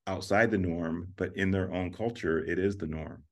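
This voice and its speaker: A man's voice: sits low, normal speed. A man hosting an interview, asking thoughtful questions and thanking his guest. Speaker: podcast host. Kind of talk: interview conversation.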